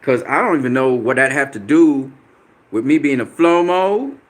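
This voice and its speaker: A man's voice: medium pitch, lively intonation, normal speed. A man hosting a boxing channel, answering viewer comments on a live stream in a combative, profane way, repeating himself for emphasis.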